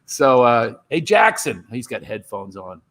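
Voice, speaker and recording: A middle-aged man telling comedy stories on a video call, animated and slipping into impressions. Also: medium pitch, unhurried. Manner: animated, jumps into character voices. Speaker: comedian guest. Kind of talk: storytelling with impressions.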